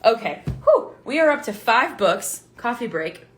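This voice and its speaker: A young woman chatting casually as a book vlogger, excitable and swearing freely as she reads book blurbs aloud. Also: fairly high pitch, unhurried, slight background noise. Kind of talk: casual book haul chat to live viewers.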